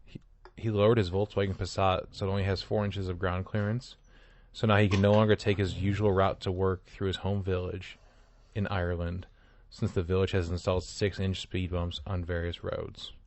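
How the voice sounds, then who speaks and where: A man's voice: low-pitched, level tone, normal speed, darkish tone. A man co-hosting a comedy podcast, reading out odd news stories with a dry, sarcastic delivery. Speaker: podcast co-host.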